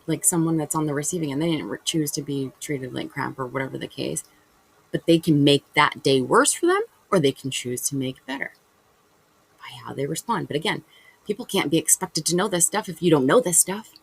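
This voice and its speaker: Husky rambling vlogger, kinda gravelly, acts out little convos while chatting to the camera. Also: mid-range voice, lively intonation, a little fast, a bit bright, no echo, poor audio. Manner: rambling, acts out imagined conversations; loose and chatty, with fillers and self-corrections. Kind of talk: casual spiritual monologue to camera.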